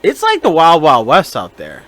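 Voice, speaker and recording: Chill young dude on a podcast, bright voice, pitch all over, joking around. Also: male voice, wildly swooping pitch, moderate pace, dry recording. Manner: laid-back, jokey, acts out quoted voices. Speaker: podcast co-host. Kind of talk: casual chat.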